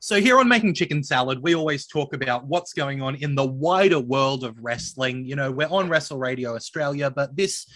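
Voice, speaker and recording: An upbeat man hosts a podcast with a bright, forceful voice. The sound is dry and close, and he talks in a presenter-like way. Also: mid-range voice, animated, fairly quick, few pauses, no room sound. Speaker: podcast host. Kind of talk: casual podcast chat.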